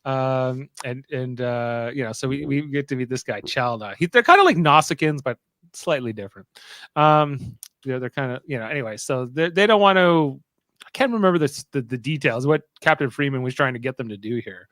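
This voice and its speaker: A man's voice: medium pitch, animated, fairly quick, fairly bright tone, dry recording. A man hosting a podcast, recapping a TV episode in casual chat, rambling with lots of fillers and restarts. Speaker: podcast host.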